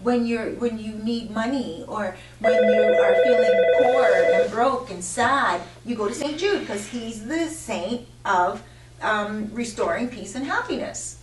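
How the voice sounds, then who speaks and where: A woman's voice: on the high side, big pitch swings, noisy background. Woman putting on a frantic, upset client. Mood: upset pleading. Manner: rushed, pleading, piling up details. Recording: echoey room, voice from far off.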